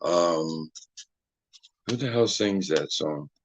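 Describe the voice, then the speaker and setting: A man's voice: deep voice, takes it slowly, slight background noise. A man hosting a casual podcast, joking and swearing as he argues about music. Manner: profane, joking, argumentative. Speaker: podcast host. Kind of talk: casual banter.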